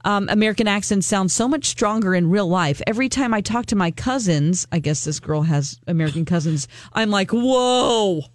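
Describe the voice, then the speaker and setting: A woman's voice: medium pitch, brisk, hardly any pauses, no echo, studio quality. A woman vlogger chatting casually as she reads viewer comments aloud, with frequent ums as she reacts to them.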